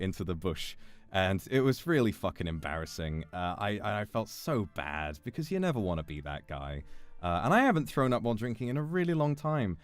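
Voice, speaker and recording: A young British man with a fairly low voice tells a story in an easy, chatty way, swearing freely and breaking into laughter. Faint music plays behind him. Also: a little fast. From Britain. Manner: swearing, laughing often, animated retelling. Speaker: streamer. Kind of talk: casual storytelling chat.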